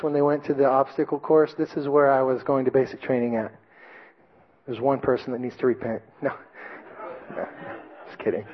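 A man preaching in a church, telling a personal story with animated, self-mocking delivery. His voice sits a little high for a man. The recording is dull and lo-fi. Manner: animated storytelling, shouting quoted drill sergeant.

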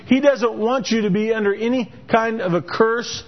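A man's voice: high-pitched, normal speed. A man preaching a sermon, telling a personal story in a conversational way, often restarting and repeating words. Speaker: pastor. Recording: dull lo-fi recording.

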